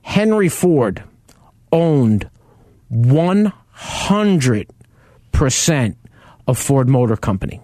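A man's voice: mid-range voice, no room sound, clean studio sound. A man co-hosting a radio show, telling car history in casual chat with enthusiasm. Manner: animated storyteller, tells car history with enthusiasm.

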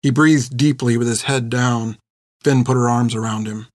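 A man narrates a story in a steady, measured voice at an ordinary middle pitch. He is recorded on a close studio mic. The sound is dry, with no room around it. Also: dry recording. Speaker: audiobook narrator. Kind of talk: scripted narration.

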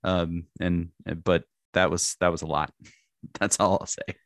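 A young man back on a podcast, chatting casually about football, animated and laughing, with frequent restarts. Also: low voice, unhurried, no echo, studio quality. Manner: animated, restarts often, laughs while talking. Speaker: podcast co-host. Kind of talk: casual sports chat.

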